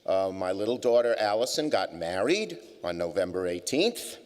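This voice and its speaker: An older man gives a keynote speech at a business forum, telling wry anecdotes packed with fillers. His low voice has a darkish tone and an animated, moderate pace, and long hall reverb surrounds it.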